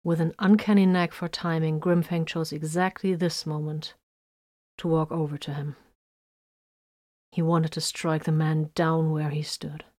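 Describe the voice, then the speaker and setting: A woman narrates a military adventure with emphatic bursts and sudden drops to hushed tones. Her voice sits on the lower side for a woman. The recording is dry and close, with no room sound. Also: no room sound. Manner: dramatic swings between loud emphasis and hushed lines. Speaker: audiobook narrator. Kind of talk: scripted narration of military science fiction.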